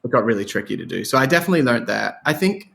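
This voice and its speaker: An Irish man, a guest songwriter, talking in a rambling, animated way in a casual interview. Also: medium pitch, very fast, vocal fry. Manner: rambling, animated storyteller with laughs and restarts.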